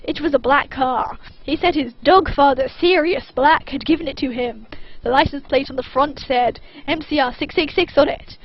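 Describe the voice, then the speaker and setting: A woman reads fan fiction aloud in a deadpan, mock-serious way. Her voice is high. The recording is muffled and lo-fi. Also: moderate pace. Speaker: reader. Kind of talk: dramatic reading of fan fiction.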